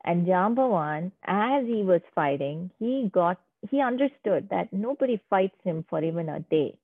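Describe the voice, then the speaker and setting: Woman, devotional storyteller, slow and emphatic, phone-quality sound. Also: on the low side, lively intonation, no echo. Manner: slow, emphatic, repeats key phrases. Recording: tinny phone-like, dry sound.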